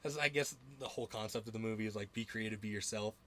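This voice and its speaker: A man's voice: on the low side, fast, a bit bright, slight background noise. A young man hosting a podcast in casual chat, rambling with lots of filler words, swearing and laughter. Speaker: podcast host.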